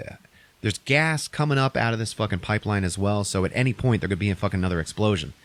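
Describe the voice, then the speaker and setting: A man hosting a podcast, recapping a movie in casual chat, swearing often and acting out quotes in an animated way. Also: low voice. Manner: profane, animated retelling with put-on quotes. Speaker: podcast host.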